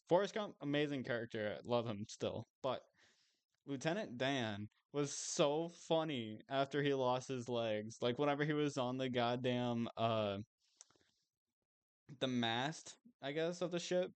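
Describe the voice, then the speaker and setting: A man's voice: medium pitch, clean tone. A young man chatting casually while streaming a game, rambling and self-amused, swearing now and then.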